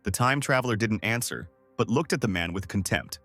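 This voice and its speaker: A man's voice: on the low side, expressive, brisk, a bit bright. A man narrating a story recap in a scripted, dramatic way. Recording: faint background music.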